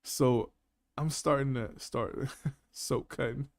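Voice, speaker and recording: A man's voice: medium pitch, steady tone, takes it slowly, no room sound, clean studio sound. A man hosting a casual live panel chat, laughing often and talking in loose, slangy banter. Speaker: panel host.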